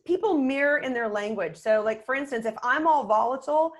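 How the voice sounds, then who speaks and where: A middle-aged woman speaking as a podcast guest, a communication coach who talks in a calm, measured way and often drops to a quiet voice. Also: sits high. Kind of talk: conversational podcast interview.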